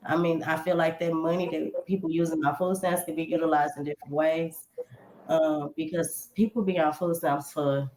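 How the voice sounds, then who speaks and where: A woman on a discussion panel speaks calmly in a low, flat voice. Her voice carries an echoey room sound, with faint ambient noise behind her. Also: normal speed. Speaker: panel guest.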